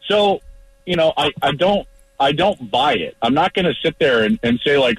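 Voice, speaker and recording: Man, football analyst guest, radio call-in from his car, husky voice, lively swings in pitch, emphatic and blunt. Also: moderate pace, dry recording, poor audio.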